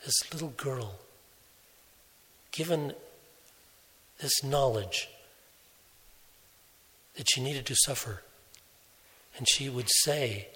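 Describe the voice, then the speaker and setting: Guy giving a slow sermon, mid pitch, long echoey church reverb. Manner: slow, deliberate storytelling with soft quoted voices. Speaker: preacher.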